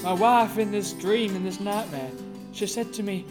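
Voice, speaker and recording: A man's voice: high voice, steady tone, normal speed, music in the background. A man improvising comedy, telling rambling, theatrical stories. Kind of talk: improvised comedy with put-on accents.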